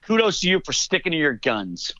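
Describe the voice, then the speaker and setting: A man's voice: fairly high pitch, sing-song, a little fast, bright, forceful tone, no echo, muffled recording. A male podcast host in casual interview chat, mostly giving short affirmations while he listens.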